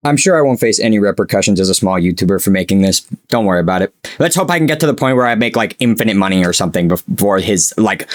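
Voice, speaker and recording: A young man ranting as a YouTube commentator, sarcastic and exasperated, swinging between loud outbursts and low mutters. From United States.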